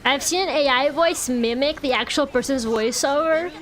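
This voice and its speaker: A woman's voice: high-pitched, normal speed. A young woman streaming a game, chatting casually and ranting with lots of "like"s. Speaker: VTuber streamer. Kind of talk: casual live-stream chat while gaming.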